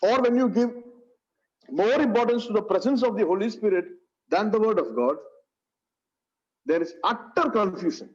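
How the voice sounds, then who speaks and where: A man's voice: high-pitched, animated, moderate pace, long pauses, darkish tone. A man teaching a Bible study, earnest, repeating phrases and saying "you know" often. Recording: dull lo-fi sound.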